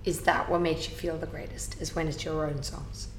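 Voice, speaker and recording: A woman's voice: low voice, little pitch movement, normal speed, echoey room, slight background noise. A woman hosting a casual podcast chat, chatty and swearing casually. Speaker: podcast host.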